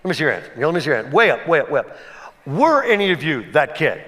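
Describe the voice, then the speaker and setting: Pastor, man, animated storyteller, high bright voice. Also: fast. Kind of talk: sermon. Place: church sanctuary.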